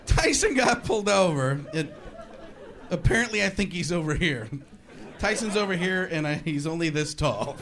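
High gravelly man doing stand-up. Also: expressive, moderate pace. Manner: rambling, punchy, slips into impressions. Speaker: stand-up comedian. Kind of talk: stand-up set with impressions. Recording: live club, crowd and noise behind. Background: audience laughter.

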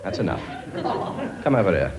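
A man's voice: low voice, sing-song, moderate pace, crowd noise. A man playing a blustering, brash king in a comedy sketch. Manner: blustering, brash, mock-regal. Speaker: comic actor playing a king. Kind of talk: comedy sketch with studio audience.

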